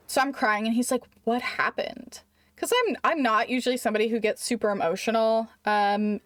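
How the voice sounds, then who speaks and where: A young adult woman streaming a game and telling a long, rambling story in a casual, animated way, full of "like". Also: mid-range voice. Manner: animated, rambling, heavy use of "like".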